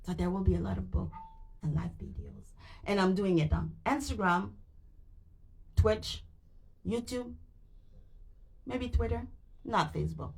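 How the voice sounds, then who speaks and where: A woman's voice: mid-range voice, a little slow, gravelly, pauses often. Tired woman with a French Canadian accent. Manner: animated, repeats and retries hard words. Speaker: live streamer reading a book aloud. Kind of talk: casual live-stream reading. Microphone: microphone.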